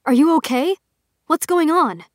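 A gentle, worried young man asking soft, concerned questions in a storybook, as a woman reader puts him on. The voice sits a little high and the sound is dry and close, with no room around it. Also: lively intonation, unhurried, no room sound.

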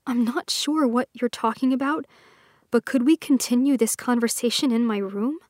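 Woman reading as a gentle worried young man. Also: a little high, normal speed, no echo, studio quality, natural voice. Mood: strained. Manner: soft, concerned questions.

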